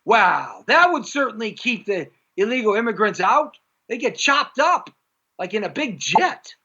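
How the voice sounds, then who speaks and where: A middle-aged man hosts a live stream, his rambling, jokey chatter swinging wildly up and down in pitch. His voice sits high for a man. The sound is dull and lo-fi, like cheap stream audio. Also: very animated, unhurried, pushed and bright, breathy edge. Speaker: live show host. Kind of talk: live-stream talk show chat.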